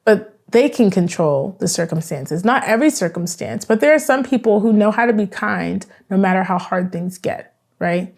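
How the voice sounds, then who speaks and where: A woman's voice: medium pitch, expressive, moderate pace, darkish tone. A woman therapist explaining in a chatty, conversational way. She often checks in with the listener by asking "right?". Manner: chatty, acts out both sides of dialogues.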